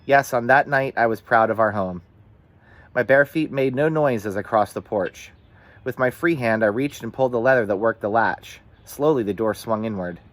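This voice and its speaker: A man reading a novel aloud in the first person, with steady, earnest storytelling. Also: mid-range voice, normal speed, no echo. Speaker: audiobook reader.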